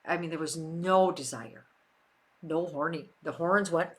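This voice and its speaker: Speaking at a measured pace in a low-pitched voice, an older Western New York woman hosts a livestream. She chats casually with viewers, answering them and repeating phrases to stress her points.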